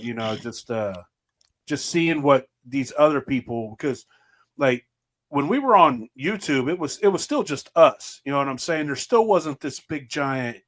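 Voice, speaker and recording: A man's voice: fairly high pitch, fairly bright tone. A man in casual chat, telling loose stories and mimicking others in quotes. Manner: laughing, loose storytelling with mocking quoted voices.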